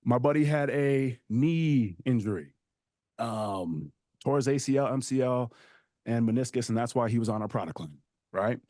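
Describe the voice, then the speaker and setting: A man telling a rambling personal story in a casual podcast conversation, animated and often checking in with "right?". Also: medium pitch, normal speed, dry recording, clean studio sound.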